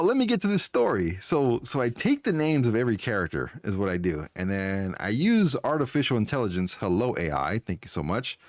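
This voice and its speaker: A fairly low-pitched man talks casually into a close, dry mic during a live stream. He chats loosely with viewers, laughing often and restarting his sentences as he goes. The sound is close and dry, with no room echo. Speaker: streamer answering chat.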